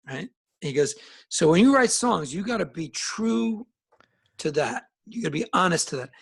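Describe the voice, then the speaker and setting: A man's voice: high voice, lively intonation, normal speed, creaky, breathy edge. A middle-aged musician from New Jersey and Alabama, telling rambling anecdotes in a casual interview and acting out the voices of people he quotes. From northern New Jersey and Alabama. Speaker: musician guest.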